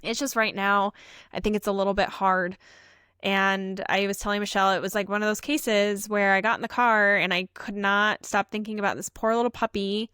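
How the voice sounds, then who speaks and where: A woman's voice: medium pitch, flat delivery, normal speed, sharp tone, clear, resonant tone, no echo, studio quality. A woman co-hosting a casual podcast, an emergency vet tech telling her stories in an earnest, heartfelt way.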